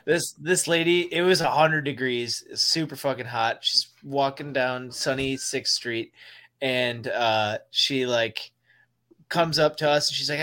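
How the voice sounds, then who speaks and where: A man co-hosting a podcast, telling an anecdote in a dry, deadpan way. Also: mid-range voice, measured pace. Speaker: podcast co-host. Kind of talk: casual chat.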